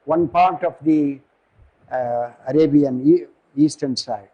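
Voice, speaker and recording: An older man from India with an Indian English accent gives a philosophy lecture, digressive and halting, often pausing to search for words. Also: a little high, muffled recording.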